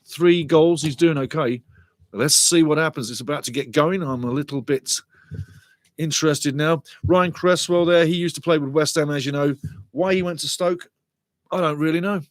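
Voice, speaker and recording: A man hosting a live football watchalong, giving rambling, chatty match commentary and shouting out to viewers in the chat. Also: a little high, moderate pace, no echo. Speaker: watchalong host.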